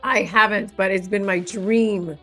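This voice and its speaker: A woman's voice: mid-range voice, fairly even intonation, measured pace, fairly bright tone, faint music behind. A woman hosting a casual editing tutorial, thinking aloud as she works and laughing often. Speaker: host.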